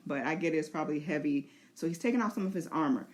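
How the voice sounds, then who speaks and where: A woman's voice: sits low, fast. A woman host giving a casual, chatty recap of a TV episode, with laughing asides. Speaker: show host.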